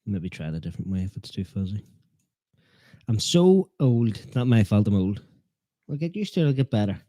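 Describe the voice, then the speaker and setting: A man's voice: on the low side, very animated, a little fast, dark tone, no echo. A man hosting a live football watchalong stream, chatting in a joking, self-deprecating way and teasing his viewers. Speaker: fan channel host.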